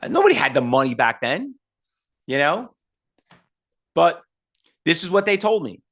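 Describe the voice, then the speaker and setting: A man in his fifties teaching trading in a live online seminar, blunt and full of rhetorical questions, pitching to his audience. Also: very animated, unhurried, a bit bright. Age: 50s. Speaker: trading instructor.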